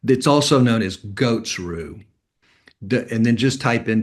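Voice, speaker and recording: A man's voice: lowish voice, takes it slowly. A man talking as a guest on a casual podcast, rambling and instructive, sometimes spelling out words. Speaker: health guest.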